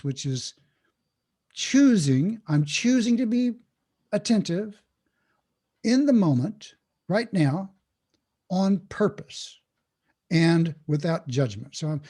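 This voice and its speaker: A man, a podcast guest, explaining mindfulness in an animated way and acting out inner thoughts. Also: high voice, takes it slowly, pauses often. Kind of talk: podcast interview talk.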